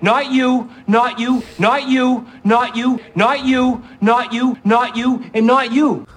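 An actor playing a man who shouts the same words again and again at a crowd, in a film clip. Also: extremely high pitch, fairly even intonation, takes it slowly, exaggerated voice. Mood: shouting. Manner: shouting, repetitive. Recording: film audio with music behind.

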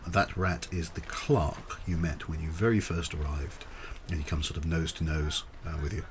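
A man's voice: a bass voice, fairly even intonation, moderate pace, slight background noise. A man narrating as game master of a tabletop game, rambling with ums and self-corrections.

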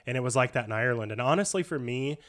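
A man co-hosting a podcast, telling stories in an enthusiastic, animated casual chat. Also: mid-range voice, racing. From United States. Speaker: podcast co-host.

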